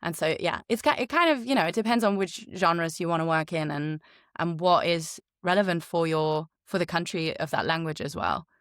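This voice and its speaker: A woman's voice: lowish voice, normal speed, fairly bright tone, dry recording, clean studio sound. A woman voice actor and coach giving frank, chatty advice in a podcast interview. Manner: chatty, frank, lots of fillers.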